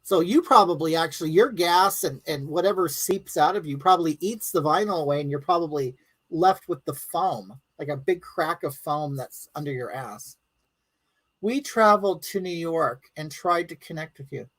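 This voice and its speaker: A woman's voice: low voice, moderate pace, low-quality recording. A woman hosting a live stream from home, chatting casually and bluntly with viewers and reading out their comments in a rambling, crude way.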